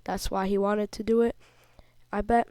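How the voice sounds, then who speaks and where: A kid before puberty, a little under the weather, rambles through a vlog in an indignant tone. The voice is smooth and clear, with a flat, level pitch. It sits close and dry, with almost no room sound. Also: normal speed, no room sound. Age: child, before puberty. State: a little sick. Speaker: video creator. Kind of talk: casual vlog commentary over screenshots.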